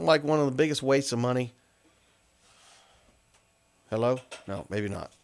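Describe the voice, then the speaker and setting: A man's voice: mid-range voice, unhurried, vocal fry. A man hosting a call-in radio show, joking, rambling and poking fun at himself on a studio mic. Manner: rambling, joking, self-mocking.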